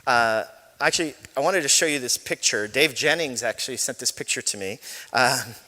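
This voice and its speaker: Bright-voiced pastor preaching in a reverberant hall. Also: male voice, mid-range voice, normal speed. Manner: conversational, self-deprecating storytelling with laughs. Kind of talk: sermon. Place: church sanctuary.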